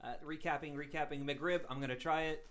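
A man's voice: fairly high pitch, fairly even intonation, brisk, a bit bright. A man co-hosting a podcast, chatting casually in a rambling, profane, jokey way. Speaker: podcast co-host. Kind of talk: casual chat.

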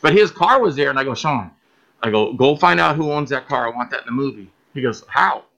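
A man guest on a podcast telling stories about his filmmaking, animated and acting out other people's voices. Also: medium pitch, fairly quick, vocal fry. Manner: animated, acts out quoted voices, laughs often. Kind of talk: casual storytelling interview.

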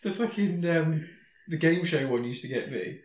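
A man co-hosting a podcast in casual chat, crude, laughing and excitable as he retells sketches. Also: fairly high pitch, moderate pace, echoey room, lo-fi sound, a little hiss or hum. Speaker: podcast co-host.

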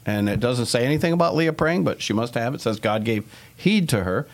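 A man's voice: mid-range voice, expressive, fairly quick. A man hosting a casual Bible study podcast, chatty and teasing his co-hosts.

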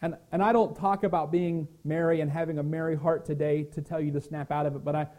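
Earnest mellow-voiced male pastor preaching. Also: fairly high pitch, flat delivery, quick pace. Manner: gentle, earnest preaching with occasional restarts. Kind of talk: sermon.

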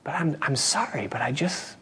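A preacher voicing a subtle, sly devil who poses as a sorrowful God and speaks in soft, guilt-tripping tones. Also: male voice, fairly high pitch, expressive, normal speed, slightly rough, exaggerated voice. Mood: sorrowful, manipulative.

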